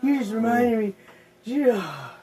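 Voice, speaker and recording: A woman's voice: on the high side, sing-song, slow pace, crowd noise, rough recording. A woman hosting a casual story time, telling crude, rambling stories among friends. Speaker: host.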